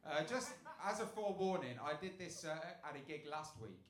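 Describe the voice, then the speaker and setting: Male stand-up comic, deadpan dark material, voice on the high side, handheld mic in an echoey club. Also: moderate pace. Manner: deadpan dark jokes, swings between loud punchlines and low muttered setups. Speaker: stand-up comedian. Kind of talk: stand-up set. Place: comedy club stage. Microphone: handheld stage mic. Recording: echoey club with room noise.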